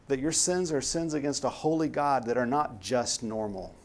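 An earnest man preaching a sermon at an ordinary middle pitch. He leans hard on the words he wants to land and pushes the point home. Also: moderate pace, hardly any pauses, a little mellow. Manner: earnest, emphatic, rising to stress key words.

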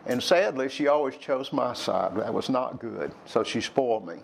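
A man's voice: mid-range voice, animated, moderate pace, vocal fry, slight background noise. An older man telling candid personal stories to young people. He rambles a little and acts out old quarrels by raising his voice. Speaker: speaker addressing young people. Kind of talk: personal storytelling talk.

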